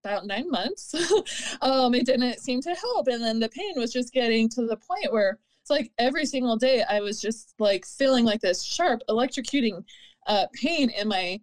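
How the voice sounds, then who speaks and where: A woman in her thirties telling her own story in an interview, candid and earnest, pausing and restarting often. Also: on the high side, animated. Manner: halting, with frequent fillers and restarts. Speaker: interview guest.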